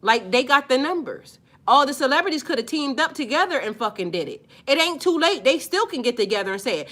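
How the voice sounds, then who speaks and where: A spiritual life coach speaks directly to her viewers in a high, bright voice, very animated, a little fast, and with few pauses. She's blunt and profane, pushing her points hard and stretching out stressed words in what sounds like an unscripted video talk.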